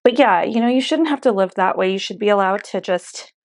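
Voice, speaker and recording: A woman's voice: mid-range voice, fairly quick, no room sound, studio quality. A young woman vlogger chatting casually and confidingly while doing her makeup, full of "like" and "you know". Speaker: beauty vlogger. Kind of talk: casual get-ready-with-me chat.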